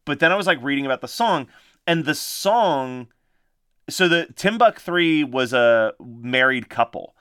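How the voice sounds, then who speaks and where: A man's voice: mid-range voice, animated, measured pace, fairly bright tone, clean tone, no echo, studio quality. A man co-hosting a casual podcast chat about movies and music, talking with lots of fillers and frequent laughs. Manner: chatty, laughs often, many fillers. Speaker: podcast co-host.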